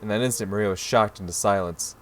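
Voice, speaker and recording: A young man streaming a story game, reading narration aloud and breaking into loud, profane reactions. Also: on the low side, fast, slight background noise. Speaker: gaming streamer.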